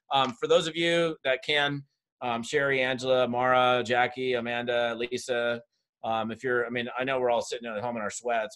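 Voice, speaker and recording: On a video call, a man with a mid-range voice coaches a group of network marketers, speaking directly to his audience in an energetic, straightforward way.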